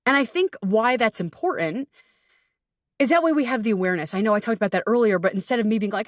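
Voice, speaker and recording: A woman's voice: mid-range voice, expressive, fast, no room sound, clean studio sound. Chatty, candid woman podcast host. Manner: chatty and candid, swears freely, acts out inner voices. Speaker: podcast host and anxiety coach. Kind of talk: casual solo podcast monologue.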